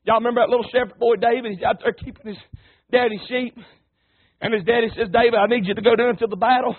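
Man preaching, very high voice, folksy and emphatic, narrow phone-like sound. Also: steady tone, quick pace. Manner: folksy and emphatic, calls on the congregation. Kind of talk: sermon.

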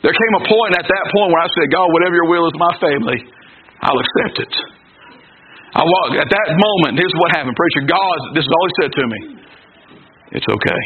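High-voiced preacher over tinny radio. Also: male voice, fast, hardly any pauses. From North Carolina. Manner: emphatic, storytelling, calls for amens. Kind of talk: sermon testimony. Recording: lo-fi phone-like radio broadcast with congregation noise.

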